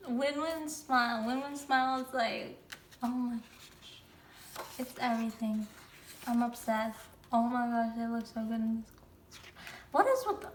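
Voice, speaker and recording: A young woman unboxing a photobook in casual chat, gushing with excited exclamations and sometimes dropping to a soft whisper. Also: high-pitched, slight background noise. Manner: drops to soft whispers at times. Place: room with a countertop, squeaky chair. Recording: echoey room with faint ambience.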